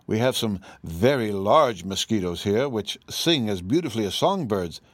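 A man reading an audiobook, voicing a kindly tin man emperor in a gentle, grave, measured way. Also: lowish voice, expressive, no echo.

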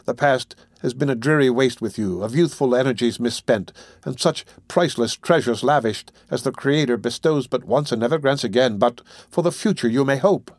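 A man voicing a kindly old gentleman in an audiobook reading, who speaks in a measured, formal and persuasive way. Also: medium pitch, no echo, lightly acted. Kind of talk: audiobook character voice.

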